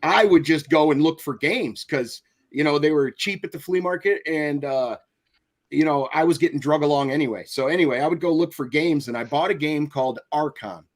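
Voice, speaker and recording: A man with a slightly raised voice hosts a relaxed online chat. He rambles through his stories and laughs as he goes, heard over a video call. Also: a little high, brisk. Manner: rambling storyteller, laughs often. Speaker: podcast host. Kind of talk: casual chat.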